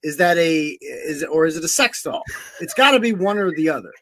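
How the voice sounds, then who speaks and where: A man's voice: fairly high pitch, animated, brisk, fairly bright tone, no echo. A man commenting on a video clip in a mocking, incredulous way.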